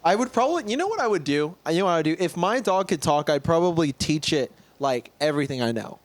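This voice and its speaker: A man's voice: big pitch swings, fast talker. A young man co-hosting a podcast, joking crudely in casual chat and slipping into silly put-on voices. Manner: crude, goofy, jumps into squeaky put-on voices. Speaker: podcast co-host.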